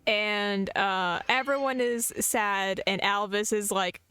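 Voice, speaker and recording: A woman's voice: medium pitch, takes it slowly, hardly any pauses, bright, forceful tone, smooth. A young adult woman streaming a game, chatting casually with playful, jokey asides and frequent laughs. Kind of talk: casual gameplay commentary.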